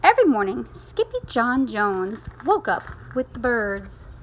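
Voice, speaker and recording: A fairly high-voiced woman teacher reads a storybook aloud to children, playful and lively, pausing to chat with her listeners. Faint noise sits under the home recording. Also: rough recording. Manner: playful, animated, chats to listeners between pages. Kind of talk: reading a picture book aloud to children.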